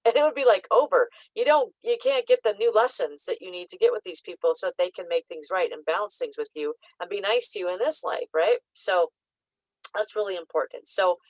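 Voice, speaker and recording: A woman psychic coach talking casually to camera, teaching with lots of "like" and "um" and lively acted-out asides. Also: mid-range voice, fairly quick, dry recording, rough recording.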